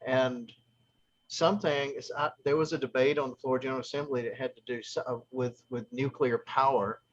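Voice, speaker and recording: A man leading a group discussion, telling a long story in a halting way, with many restarts. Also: medium pitch, fairly even intonation, dull audio.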